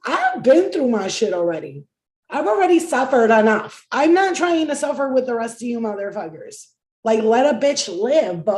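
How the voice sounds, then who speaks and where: A woman's voice: high-pitched, a little mellow. A woman in a casual ranting monologue, blunt and heavily profane, firing off rhetorical questions. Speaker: spiritual reader, vlogger. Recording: echoey room.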